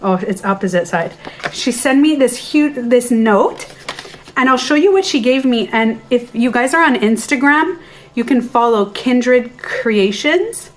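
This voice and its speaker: A woman's voice: on the high side, expressive, moderate pace. Chatty woman streaming live from home. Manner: chatty, self-interrupting, talks to viewers and reads their comments. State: out of breath. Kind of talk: casual live-stream chat. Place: home den. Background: soft music playing.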